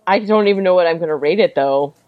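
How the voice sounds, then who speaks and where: A woman co-hosting a casual comics podcast, blunt and quick to laugh. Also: fairly low pitch, no echo, narrow, tinny audio. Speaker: podcast co-host reviewing comics. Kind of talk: casual chat.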